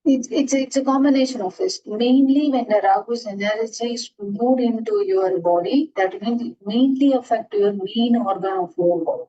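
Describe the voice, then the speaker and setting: In an earnest classroom lecture on astrology, a woman with a slightly high voice speaks at a moderate pace with almost no pauses. She often restarts and repeats herself as she explains. The audio is dull, with a noisy background.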